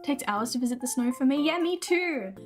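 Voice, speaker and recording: A woman's voice: sits high, lively intonation, faint music behind. A young Australian woman streaming a game, chatting casually with her viewers, giggling often and restarting her sentences. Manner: chatty, giggly, with frequent restarts; says she talks fast on stream. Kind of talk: casual chat with stream viewers during gameplay.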